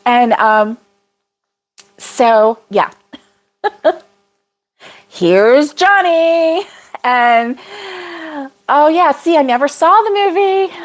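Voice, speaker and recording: A woman hosting a casual livestream chat with viewers, rambling and laughing often. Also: a little high. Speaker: crochet channel host.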